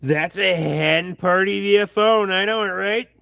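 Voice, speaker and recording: Gravelly, swearing man chatting on a livestream. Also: high-pitched, unhurried, bright, forceful tone, no echo, clean studio sound. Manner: blunt, swears freely, reads viewer comments aloud. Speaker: livestream host reading chat. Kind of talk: casual profane livestream chat. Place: home workshop. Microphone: camera on tripod.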